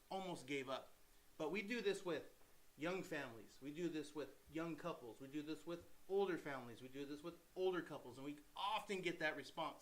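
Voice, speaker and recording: A man with a high, bright, forceful voice talking on a podcast. He speaks earnestly in a casual way and repeats phrases for emphasis. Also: poor audio. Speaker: mortgage podcast co-host.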